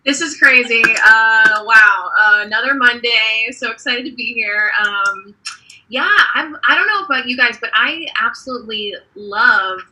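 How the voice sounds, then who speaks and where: A young woman in her twenties doing a deadpan stand-up set, hesitant and full of ums. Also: a little high, measured pace, a little hiss or hum, rough recording. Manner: awkward, hesitant, lots of ums. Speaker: stand-up comedian. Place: online comedy show.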